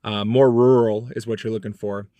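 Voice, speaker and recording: A man's voice: fairly even intonation, normal speed, dry recording, dull audio. A man vlogging casually from his car about his delivery shifts, telling stories and acting out the voices of people he met. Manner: chatty storyteller, acts out quoted lines with big pitch jumps. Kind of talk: casual vlog monologue.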